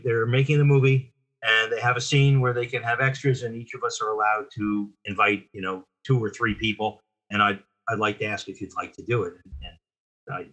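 An older man from New Jersey, a guest telling stories in a casual, animated interview with frequent restarts. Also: on the low side, breathy edge.

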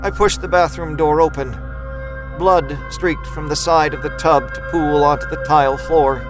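Higher-voiced male horror narrator. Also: steady tone, poor audio. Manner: measured, dramatic storytelling. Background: music score.

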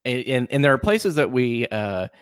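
A man's voice: mid-range voice, very animated, normal speed, smooth, no room sound. A man from Washington State hosting a podcast in casual chat, rambling with lots of fillers and restarts. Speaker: podcast host.

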